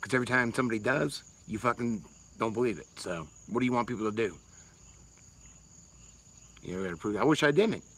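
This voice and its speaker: A man's voice: lowish voice, fairly quick, pauses often, bright, forceful tone, husky, rough recording. A man, rambling casually and swearing freely on a livestream while answering chat. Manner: rambling, profane, laid-back.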